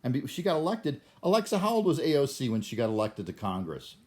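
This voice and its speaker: A man's voice: medium pitch, very animated, fast talker, a little mellow. An older man talking to the camera in a rambling monologue, often stammering and restarting his sentences. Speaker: vlogger.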